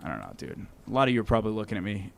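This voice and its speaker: A man's voice: on the low side, very fast, gravelly. A man doing a stand-up comedy set on a club stage, swearing freely and acting out characters in different voices. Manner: animated, swearing, acts out characters.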